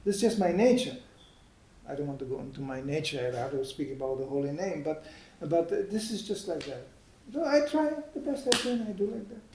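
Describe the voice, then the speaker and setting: A man with a fairly high voice gives a loose, storytelling spiritual talk, laughing now and then at his own anecdotes. His voice rings with a noticeable roomy echo. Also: expressive, a little fast, dark tone, slight background noise. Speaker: devotional speaker. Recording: echoey room.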